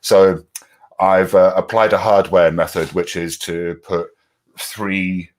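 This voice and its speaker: An English man with a low-pitched voice, joking his way through a casual panel chat. He is chatty and laughs often. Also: steady tone, takes it slowly. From England. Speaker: panel speaker.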